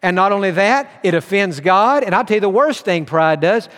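A man's voice: sits high, animated, moderate pace, a bit bright, long reverb tail. A man preaching a sermon with earnest emphasis, reading scripture aloud and driving his points home. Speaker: pastor.

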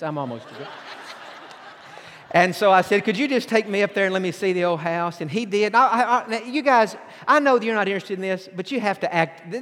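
A middle-aged pastor from Tennessee preaching a sermon, telling folksy stories with self-deprecating humor. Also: male voice, high voice, fairly bright tone. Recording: long hall reverb.

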